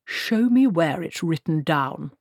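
A woman's voice: sits low, animated, takes it slowly, vocal fry, a little mellow, no room sound, clean studio sound, full character voice. A woman doing a bellowing pompous old wizard. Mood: brusque. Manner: bellowing, impatient, snappish. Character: pompous stout old male archchancellor wizard.

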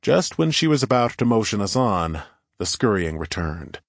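A man narrates a first-person audiobook in a wry, conversational manner. His voice sits on the low side. The recording is dry and close, with no room sound. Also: very animated, moderate pace, vocal fry, dry recording.

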